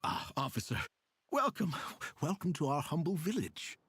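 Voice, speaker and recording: An anxious village elder in a video game, his high voice swooping through a huge range. He is hoarse at the edges and keeps pleading and flattering. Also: moderate pace, dry recording, studio quality, heavily acted. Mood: welcoming. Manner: eager, begging, hospitable. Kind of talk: game voice acting.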